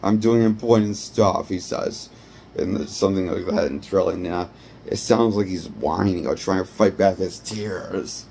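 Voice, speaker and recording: Guy doing a movie review rant, rambly and swearing a lot, low gravelly voice. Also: normal speed, a little mellow, slight background noise. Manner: rambling, blunt and profane. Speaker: movie critic. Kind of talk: ranting film review.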